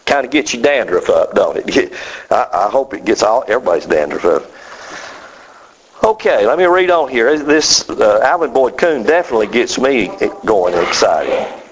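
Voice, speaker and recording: A man's voice: mid-range voice, sing-song, moderate pace, highs cut off, slight background noise. A man with a North Georgia Southern accent, teaching by reading a text aloud and commenting on it, building up to emphatic rhetorical questions.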